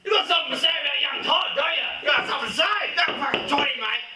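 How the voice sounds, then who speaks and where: An Australian man co-hosting a comic football recap, yelling and swearing as he heckles the players. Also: extremely high pitch, racing. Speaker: co-host. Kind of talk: comic footy rant. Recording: roomy room, distant mic, faint noise.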